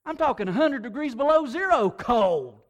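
High-voiced animated male preacher. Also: normal speed, lo-fi sound. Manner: animated, often repeats words and swings between soft and loud. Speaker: pastor. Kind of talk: sermon to a congregation.

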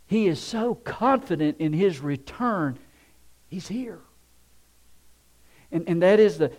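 A male pastor preaching a sermon and telling a story, shifting from soft, hushed passages to loud ones. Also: a little high.

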